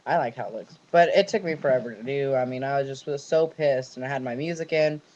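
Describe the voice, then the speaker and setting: A man's voice: medium pitch, fast, darkish tone, slight background noise. Ranting young man on a dull webcam. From California. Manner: ranting, heavy swearing, run-on storytelling. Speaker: vlogger. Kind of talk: venting personal vlog.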